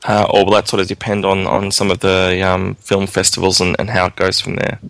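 Gravelly low-voiced host. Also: male voice, completely flat delivery, fairly quick, a bit bright, no echo. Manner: hesitant, restarts questions. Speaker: radio host. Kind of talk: casual interview chat.

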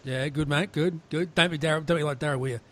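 A man's voice: fairly high pitch, fairly even intonation, fairly quick, fairly bright tone. A man with an Australian accent co-hosting a podcast with laid-back, friendly banter. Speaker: podcast co-host. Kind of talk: casual podcast chat.

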